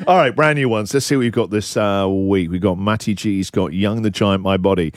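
A man's voice: fairly low pitch, normal speed, dry recording, studio quality. A man hosting a radio show, playing song clips and joking through them with frequent laughter. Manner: jokey, laughs often, plays song clips. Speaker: radio host. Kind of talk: breakfast radio banter.

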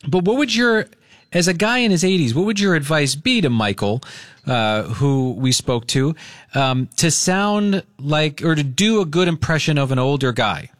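A male radio host in a studio, bantering with a caller in an excitable, enthusiastic way. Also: fairly high pitch, normal speed, no echo. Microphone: studio microphone.

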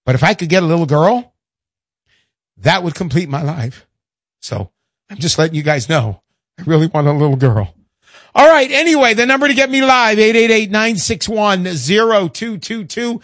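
An older man hosts a call-in radio show in a high, lively voice that swoops up and down as he talks. He is chatty and keeps tripping over his own fillers. The sound is dry and close, with no room around it. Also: dry recording. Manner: animated, chatty, self-interrupting with fillers.

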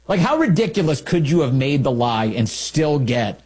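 Husky, mocking male commentary host. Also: on the high side, moderate pace, hardly any pauses. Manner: mocking, incredulous, animated. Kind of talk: sarcastic solo commentary.

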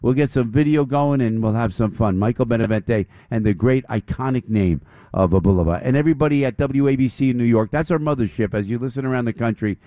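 Man, radio host, gushing thanks and praise, mid pitch, dry close sound. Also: fast talker, warm tone, dry recording. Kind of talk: live radio hosting.

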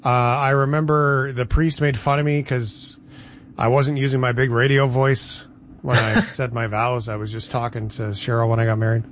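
A man's voice: mid-range voice, little pitch movement, normal speed. A middle-aged man co-hosting a casual chat, dropping dry joking asides. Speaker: co-host. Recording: dull lo-fi sound with faint hiss.

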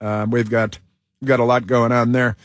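A man's voice: medium pitch, flat delivery, normal speed, no echo, studio quality. A man hosting a political talk radio show, delivering an emphatic, rambling monologue full of fillers and restarts.

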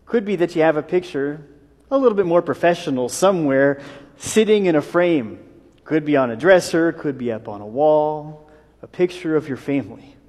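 A man pastor delivering a sermon in a storytelling way, building up and then dropping to a hush. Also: a little high, expressive, moderate pace, in a large hall.

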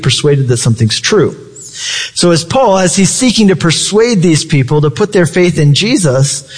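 Male pastor, fairly high voice, casual preaching with questions to the crowd, echo of a large sanctuary. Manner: conversational, rhetorical questions to the congregation. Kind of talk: sermon.

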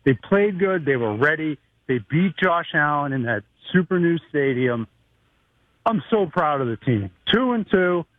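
A man from the Boston area calling a sports talk show as an eager, excited fan. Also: fairly high pitch, unhurried, dry recording. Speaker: caller. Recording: tinny phone line.

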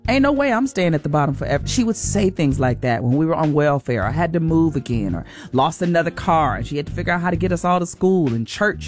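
A woman hosting a morning radio show, giving a slow, soothing, encouraging faith talk. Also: on the low side.

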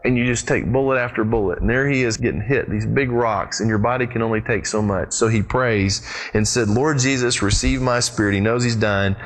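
A pastor preaching a sermon, retelling the story with lively, sweeping swings in his voice and speaking straight to his congregation. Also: a little fast. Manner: animated storytelling with big pitch swings; addresses the congregation directly.

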